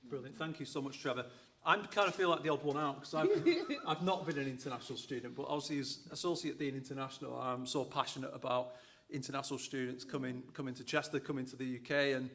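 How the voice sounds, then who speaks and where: A man's voice: mid-range voice, fast, a bit bright. A man co-hosting a live university show, chatty and loose, with lots of fillers and restarts. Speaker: co-host, associate dean.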